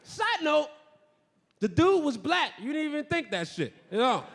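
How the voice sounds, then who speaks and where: Male stand-up comic, rambling self-mocking stories, high voice, long hall reverb. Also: big pitch swings, normal speed, a faint crowd. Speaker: stand-up comedian. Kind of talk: stand-up comedy storytelling. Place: theater stage before a live audience. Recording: live theater recording with hall reverb.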